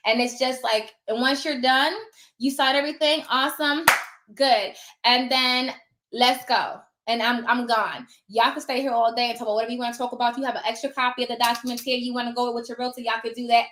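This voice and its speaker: A bright, forceful woman with a fairly high voice talks in a casual advice monologue, emphatic and sassy, and she acts out her exchanges as she goes. The sound carries a roomy echo. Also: fairly even intonation, a little fast. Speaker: notary loan signing agent.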